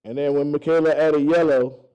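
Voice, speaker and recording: A man's voice: a little high, fairly even intonation, brisk, dark tone, clear, resonant tone, lo-fi sound. A man chatting casually to viewers, telling stories loosely with profanity and stumbling restarts, recorded on an action camera strapped to his chest. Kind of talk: casual chat.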